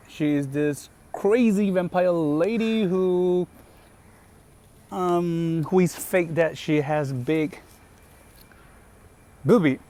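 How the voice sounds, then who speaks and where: Slow, halting male gaming host. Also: a little high, a little mellow. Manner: halting, with many fillers and self-corrections. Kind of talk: casual commentary on game voice lines.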